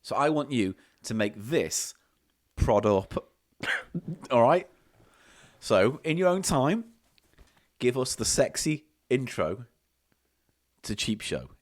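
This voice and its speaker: A man hosting a comedy podcast, chatting in an animated, teasing way. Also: medium pitch, slow, pauses often. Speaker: podcast host. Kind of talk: casual comic chat.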